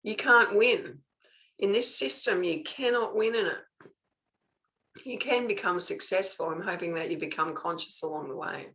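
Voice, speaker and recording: An older woman teaching a spiritual master class, emphatic and punctuating her points with "okay", drawing out key words slowly. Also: medium pitch, bright, forceful tone, poor audio.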